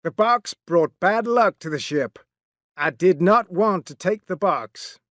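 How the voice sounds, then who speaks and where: A man's voice: high voice, expressive, takes it slowly, no room sound, studio quality, exaggerated voice. A man voicing a commanding ship captain who barks orders. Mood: grave. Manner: shouting orders.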